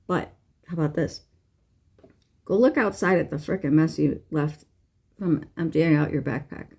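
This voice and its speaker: A woman's voice: deep voice, moderate pace, vocal fry, dark tone, husky. A middle-aged woman, a tarot reader, chatting casually and venting bluntly, with rambling asides and frequent swearing. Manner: frank, swears freely, exasperated venting; rambling with fillers and restarts. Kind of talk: casual chat.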